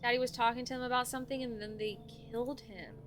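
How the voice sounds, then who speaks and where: A woman's voice: on the high side, fairly even intonation, music in the background, lightly acted. A woman voicing a frightened little girl who stammers and halts. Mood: scared. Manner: stammering, halting.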